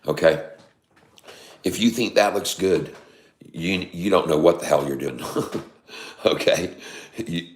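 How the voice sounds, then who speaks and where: A man's voice: low-pitched, takes it slowly, pauses often, slight background noise. A middle-aged man hosting a day-trading channel, giving exasperated, emphatic stock chart commentary from a house, sometimes dropping to a whisper. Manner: exasperated, scolding, emphatic repeated no's; drops to a whisper at times. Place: sister's house, indoors.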